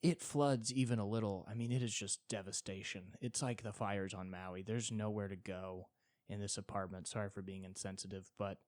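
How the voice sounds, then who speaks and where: A man's voice: lowish voice, steady tone, moderate pace, a little mellow, no room sound. Exasperated man ranting in a solo comedy bit. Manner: rambling, exasperated, swearing riffs. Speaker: stand-up comedian and podcast host.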